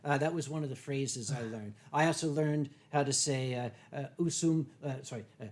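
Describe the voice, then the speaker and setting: A man's voice: medium pitch, moderate pace, a little mellow. An older American man hosting a casual livestream, rambling and joking with lots of fillers and restarts. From United States. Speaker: livestream host. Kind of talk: casual chat while drinking wine.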